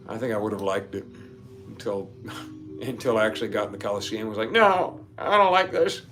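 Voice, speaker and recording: Rambling, laughing man hosting a livestream. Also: fairly low pitch. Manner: rambling, laughs often, nerdy asides. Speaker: livestream host reading viewer comments. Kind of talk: casual live-stream chat.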